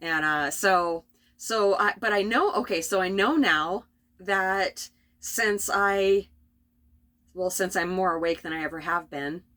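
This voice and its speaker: A middle-aged woman talking casually and earnestly about her spiritual path, rambling with restarts. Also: lowish voice. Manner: earnest, rambling, often restarts and laughs softly. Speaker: spiritual vlogger.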